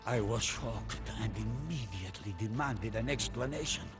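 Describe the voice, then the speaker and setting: A man narrating a game cutscene as a commander recounting a journey, in a measured storytelling manner. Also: on the low side, lively intonation, lightly acted. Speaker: campaign narrator. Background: orchestral music.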